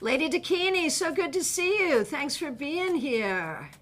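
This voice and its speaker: A woman's voice: high voice, expressive, a little slow, a bit bright. A woman giving live tarot readings, chatty and direct, greeting viewers by name and giving blunt advice. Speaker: tarot reader. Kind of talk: live-stream card readings.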